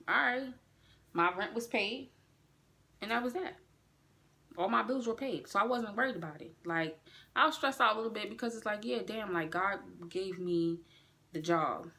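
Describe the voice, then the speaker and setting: Bright-voiced, animated woman venting. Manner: animated, profane, swings up in pitch when indignant. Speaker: vlogger. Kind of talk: storytime vlog, casual venting.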